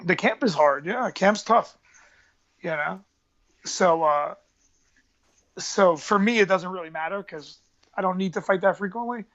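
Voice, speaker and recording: A man's voice: sits high, unhurried, long pauses, fairly bright tone, muffled recording. A man, an MMA fighter and coach telling stories in a casual podcast interview, rambling and using street slang. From New York area. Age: 30s.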